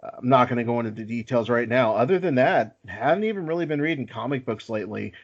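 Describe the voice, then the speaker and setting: A man's voice: medium pitch, animated, quick pace. A man hosting a casual podcast chat, easygoing and self-deprecating, with lots of filler words. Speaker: podcast host. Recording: slightly dull lo-fi audio.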